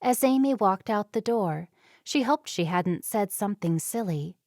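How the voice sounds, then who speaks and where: Woman narrating a romance audiobook, calm and unhurried, dead dry close mic. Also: medium pitch, no room sound. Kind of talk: scripted narration.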